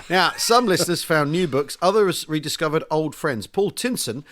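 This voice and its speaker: A man's voice: a little high, animated, fairly bright tone. Jokey, theatrical male podcast host. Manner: jokey, theatrical, quick asides. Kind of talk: comic podcast banter.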